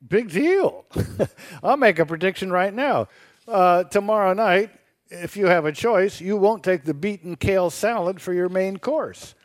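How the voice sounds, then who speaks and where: A man's voice: high voice, moderate pace, no echo, clean studio sound. A man co-hosting a radio show, debating philosophy with a sarcastic, teasing edge and laughing as he argues. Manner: laughs while arguing.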